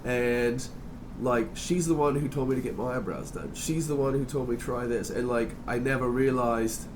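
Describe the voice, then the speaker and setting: A man's voice: mid-range voice, normal speed, noisy background. A man hosting a podcast as a drag performer, casual and chatty, swearing freely and calling people darling. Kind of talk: casual interview chat.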